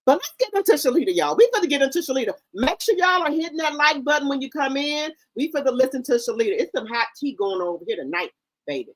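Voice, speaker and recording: Woman gossip host, high and very animated, profane and theatrical, AAVE speech. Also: fast talker, low-quality recording. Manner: animated, profane, dramatic retelling. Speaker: commentary channel host. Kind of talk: casual gossip commentary.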